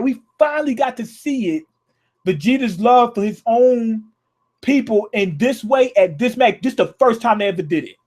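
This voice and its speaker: A male anime reviewer with a high voice for a man, talking in a loose, slangy ramble. He often circles back and restarts his thoughts. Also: husky. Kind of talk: casual video review.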